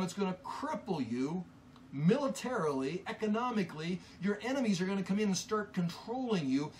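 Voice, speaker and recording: A man teaching from the Bible in an earnest, impassioned sermon, often halting and restarting mid-sentence. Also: sits high, slight background noise.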